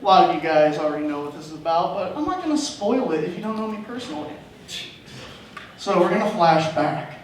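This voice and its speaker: High-voiced young man telling stand-up stories in an echoey room. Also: fairly quick. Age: young adult. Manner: rambling, self-deprecating, laughing at own jokes. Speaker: stand-up comedian. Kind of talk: open mic stand-up storytelling. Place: comedy club stage. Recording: echoey room from far off, faint noise.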